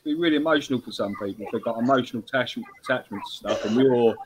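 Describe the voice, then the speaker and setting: A man's voice: mid-range voice, racing, breathy edge. A man in casual chat, chattily prompting his guest with questions.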